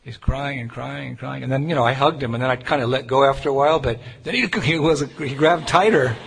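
Male preacher, earnest storyteller, mid-pitched voice, long reverb and faint hiss in the room. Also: brisk, vocal fry, husky. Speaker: Hare Krishna preacher. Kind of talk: sermon with personal storytelling. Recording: reverberant hall with faint noise.

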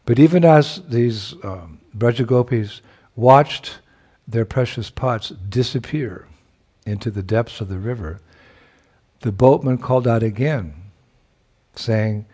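A man preaching a sermon by retelling a sacred story, reflective, chuckling at times and pausing to search for words. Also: mid-range voice, dark tone, husky.

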